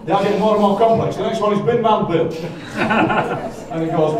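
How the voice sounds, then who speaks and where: An older man performing for a live audience as a poet, with playful, deadpan, self-mocking stage patter. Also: high-pitched, moderate pace, crowd noise. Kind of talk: comic stage patter leading a singalong. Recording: echoey hall from far off with audience.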